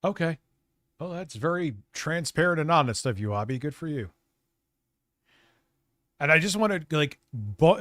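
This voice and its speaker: A man hosting a livestream, ranting and mocking in a profane, rapid commentary. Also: on the high side, expressive, fairly bright tone, dry recording, studio quality. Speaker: streamer host.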